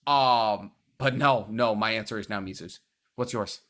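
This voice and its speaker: A young man co-hosting a podcast over a video call, animated and quick to joke and argue. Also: fairly low pitch. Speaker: podcast co-host. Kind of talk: casual chat.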